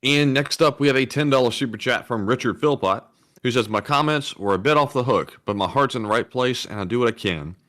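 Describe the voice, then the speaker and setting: A man's voice: mid-range voice, brisk, fairly bright tone. A man co-hosting a livestream, reading out donor messages with dry joking asides. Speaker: livestream co-host reading donations. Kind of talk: casual livestream chat.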